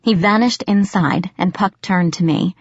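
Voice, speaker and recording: A woman reading a first-person story aloud as an audiobook narrator, in a steady, measured way. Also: lowish voice, no room sound. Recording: slightly muffled dry recording.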